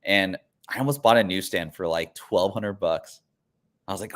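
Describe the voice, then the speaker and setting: A man's voice: deep voice, normal speed, fairly bright tone. A man hosting a comic book show, chatting casually with lots of fillers and restarts. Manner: rambling, frequent filler words and restarts. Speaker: comic book channel host. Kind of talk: casual chat.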